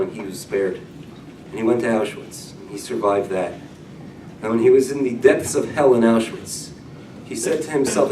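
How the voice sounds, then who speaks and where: A middle-aged rabbi giving a sermon-style Torah class, telling stories with loud emphasis that drops to a hush. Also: male voice, mid-range voice, a little hiss or hum. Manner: storytelling, wide swings from loud emphasis to hushed. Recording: echoey room, mic at a distance.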